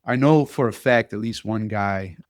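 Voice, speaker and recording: A man hosting a podcast interview in a casual, lively way, often laughing as he tells stories. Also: lowish voice, normal speed, dry recording, studio quality. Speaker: podcast host.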